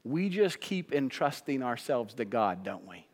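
Male pastor, sermon, dramatic swings from hushed to loud, mid-pitched voice, long hall reverb. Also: big pitch swings, unhurried.

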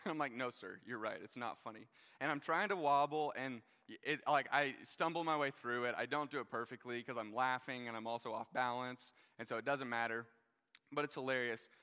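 Young guy preaching, bright edgy voice, chatty and jokey, lots of likes, big hall echo. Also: medium pitch, steady tone, a little fast, clean tone. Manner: chatty, joking, lots of "like" and "you guys". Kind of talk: casual sermon with stories. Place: large hall with a live audience. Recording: long hall reverb.

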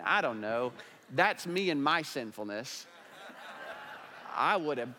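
Brief: male pastor mid-sermon, mid-range pitch, dynamic delivery, long hall reverb. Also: slow, long pauses, a little hiss or hum. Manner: animated preaching with big swings in loudness.

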